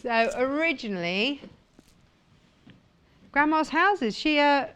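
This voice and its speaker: Brief: female shopping-channel presenter, enthusiastic and gushing, a touch high-voiced. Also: lively intonation, slow pace, a bit bright, a little hiss or hum. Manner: enthusiastic, gushing over products. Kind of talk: live TV sales presentation. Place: TV studio.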